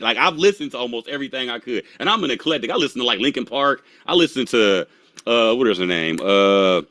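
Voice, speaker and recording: A man hosting a casual crypto live stream, slangy and animated, laughing often and talking straight to his chat. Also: medium pitch, dry recording.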